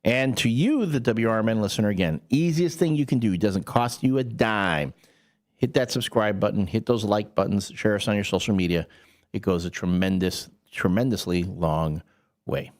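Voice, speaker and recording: A man's voice: on the low side, normal speed. A man hosting a local morning radio show, chatting casually and joking with his co-host. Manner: animated, jokey, breaks into silly voices. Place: radio studio.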